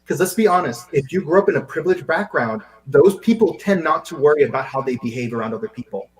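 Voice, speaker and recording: A man who grew up in Seychelles, hosting a casual video chat in an animated way, often stumbling over repeated words. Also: on the high side, fast, rough recording. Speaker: host. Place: live video call.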